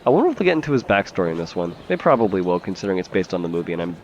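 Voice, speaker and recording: A man's voice: low voice, sing-song, very fast, darkish tone, lo-fi sound, a little hiss or hum. A man giving casual, chatty gameplay commentary as a let's play host, swearing freely and laughing easily.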